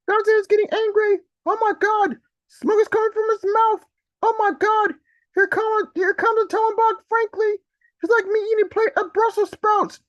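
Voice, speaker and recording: A man performing comic poetry as a panicky male bystander, with shrill, frantic exclamations over a video call. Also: a bit bright, no room sound, dull audio. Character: panicky adult male bystander watching monster chaos. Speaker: open mic poet.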